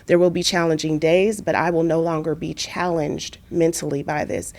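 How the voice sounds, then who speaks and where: A woman's voice: deep voice, moderate pace, creaky. A woman from Kansas, an entrepreneur and author, speaking earnestly as an interview guest about her work and faith. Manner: earnest, testimonial, animated when retelling stories. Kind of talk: reflective conversational interview.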